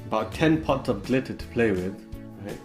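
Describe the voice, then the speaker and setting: A man's voice: lowish voice, lively intonation, moderate pace, darkish tone, soft background music. A man chatting in a laid-back, teasing way beside his partner. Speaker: vlogger's partner.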